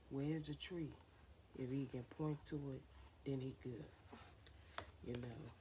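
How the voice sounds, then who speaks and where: Very low-voiced woman giving parenting advice. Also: background noise. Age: 20s. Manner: earnest, repetitive, coaching other parents. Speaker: parenting vlogger. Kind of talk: casual how-to talk to camera.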